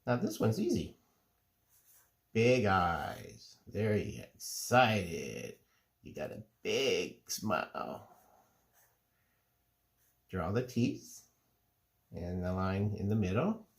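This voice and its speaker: A middle-aged man calmly explaining, step by step, how to draw cartoon faces. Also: lowish voice. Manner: relaxed, unhurried step-by-step explaining. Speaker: drawing teacher. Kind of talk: casual drawing tutorial.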